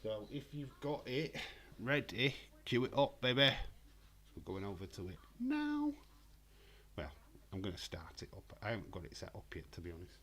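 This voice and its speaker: Blunt, hoarse man on a live stream. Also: fairly low pitch, huge pitch swings, normal speed, slight background noise. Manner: blunt, rambling, profane, reads chat aloud. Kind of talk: casual live-stream chat.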